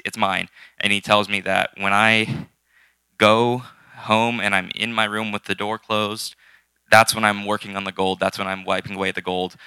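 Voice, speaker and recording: A man's voice: lowish voice, gravelly, sharp tone, clean tone, no echo. A young man earnestly recounting a personal faith experience in a rambling, casual way, with frequent restarts. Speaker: youth group member.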